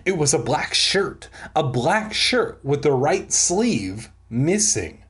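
A man giving a comic reading of a children's horror book, breaking off for deadpan crude asides between dramatic narration. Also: a little high, takes it slowly, hardly any pauses. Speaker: comic reader.

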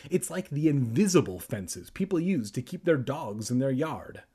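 A man's voice: medium pitch, moderate pace, slightly rough. A nerdy young inventor from a storybook gushes about his latest gadget, as a man reading aloud voices him. He sounds eager, and his voice swings up and down. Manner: eager, excited. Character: excitable nerdy boy inventor.

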